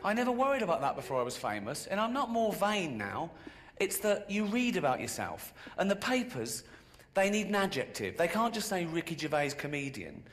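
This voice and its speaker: A man performing a stand-up routine on a live stage. He tells stories deadpan and breaks into sudden high-pitched outbursts. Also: fairly quick, few pauses, slight background noise. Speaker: stand-up comedian.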